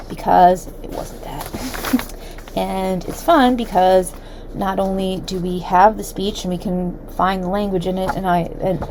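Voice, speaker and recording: A woman hosts a solo commentary, reading documents aloud and breaking off into chatty, sarcastic asides full of fillers. Her voice sits at an ordinary middle pitch. Faint room ambience runs underneath. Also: noisy background. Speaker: host.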